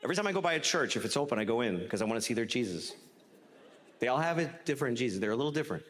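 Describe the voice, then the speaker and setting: Male comic, lively pitch swings, profane riffing; live hall reverb. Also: very fast. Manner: conversational, profane, rising to incredulous rants. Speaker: stand-up comedian. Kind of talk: stand-up comedy set. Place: comedy stage before audience.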